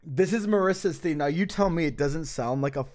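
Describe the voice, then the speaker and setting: A man chatting casually on a livestream, excitable and profane, laughing often. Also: on the high side, brisk. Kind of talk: casual stream chat.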